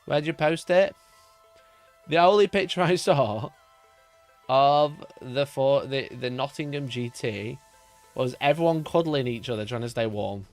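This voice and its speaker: A man's voice: mid-range voice, measured pace, soft background music. A man hosting a live stream, chatting casually, swearing often, laughing and reading chat aloud while ranting in mock outrage. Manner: mock outrage, voice jumps up when worked up. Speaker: livestream host.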